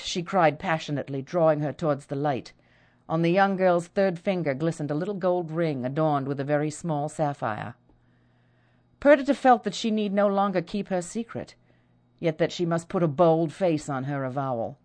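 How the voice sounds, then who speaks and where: A woman's voice: deep voice, expressive, brisk. A woman narrating a period story as an audiobook, reading expressively. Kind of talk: scripted narration.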